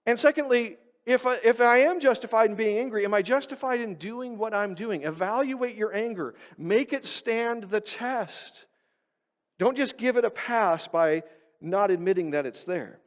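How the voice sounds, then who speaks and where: A man's voice: sits high, moderate pace. A man preaching a sermon as pastor, talking conversationally, asking the congregation questions and acting out quoted voices. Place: church sanctuary. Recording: church hall reverb.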